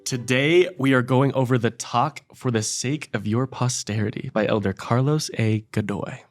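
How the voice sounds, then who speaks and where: Young guy on a podcast, thoughtful, earnest, mid pitch. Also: soft background music. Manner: thoughtful, earnest, builds his point slowly. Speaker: podcast co-host. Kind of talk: casual podcast chat, reflective.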